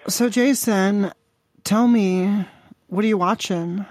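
A man's voice: high-pitched, slow, darkish tone, a little hiss or hum. A man hosting a crude prank call podcast, mocking and rambling with lots of profanity.

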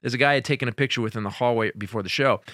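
A man, a comedian, telling stage stories on a podcast, acting out the people in them and bursting into loud yells. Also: medium pitch, racing, no room sound, clean studio sound. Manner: animated storyteller, acts out voices and yells in bursts. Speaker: comedian guest. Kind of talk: storytelling on a podcast.

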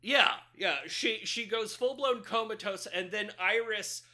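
Woman podcaster swearing and laughing thru a movie recap, bright voice. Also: mid-range voice, a little slow. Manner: profane, joking, laughs often. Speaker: podcast co-host. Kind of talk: casual chat recapping a film.

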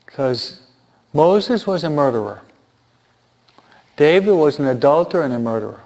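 A man's voice: a little high, animated, normal speed, darkish tone. A man giving informal Bible teaching who asks his listeners rhetorical questions and repeats key points for emphasis. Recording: dull lo-fi recording.

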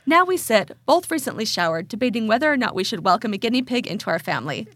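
A woman co-hosting a casual podcast, reading a story aloud with animated delivery and frequent laughter. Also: fairly high pitch, fast, no echo. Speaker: podcast co-host.

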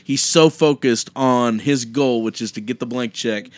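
A man co-hosting a podcast and preaching, telling a Bible story in a casual, animated way and acting out the quotes. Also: medium pitch, measured pace, no room sound.

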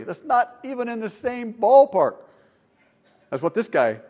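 A man preaching a sermon in church as pastor, animated, swinging between loud emphasis and quiet asides. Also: very high-pitched, moderate pace.

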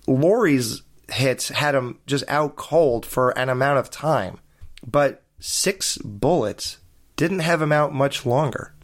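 A man's voice: medium pitch, slow pace. Man recapping a movie scene by scene. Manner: walks through scenes step by step, posing pointed questions. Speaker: podcast co-host. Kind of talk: casual film review chat.

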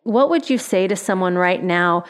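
A woman's voice: on the low side, animated, moderate pace. A woman interviewing a guest about his faith, affirming and preacherly.

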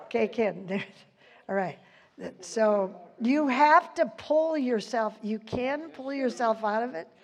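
A woman's voice: on the high side, animated, slow pace. An older woman giving an informal Bible teaching, chatty, quoting scripture and laughing often.

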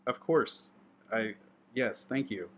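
A man chatting as a podcast guest, halting and animated, with lots of fillers and laughter. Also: mid-range voice, slight background noise. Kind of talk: casual chat.

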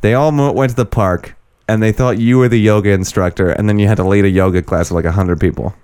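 A man's voice: lowish voice, fairly even intonation, fast, a little mellow, clean tone, dry recording. A young man in casual podcast chat who teases and jokes, swearing freely. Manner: teasing, jokey, swears. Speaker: podcast co-host.

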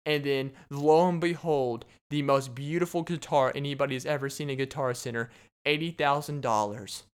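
Young man, casual solo podcast, joking, rambling, laughs a lot, mid pitch, smooth clear voice. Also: moderate pace. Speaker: podcast host.

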